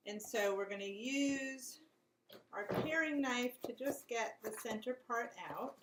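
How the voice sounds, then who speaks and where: A woman's voice: on the high side, a little slow, very noisy. A woman hosting a home cooking show, walking through each step of a recipe in a casual, chatty way and chatting with a child in the kitchen. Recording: loud kitchen clatter of dishes and pans.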